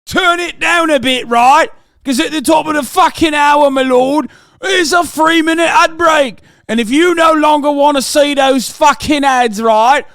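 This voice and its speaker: A man doing a shouty mock-British bloke. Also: very high voice, no echo, clean studio sound, heavily acted. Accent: put-on British. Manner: loud, profane, theatrical.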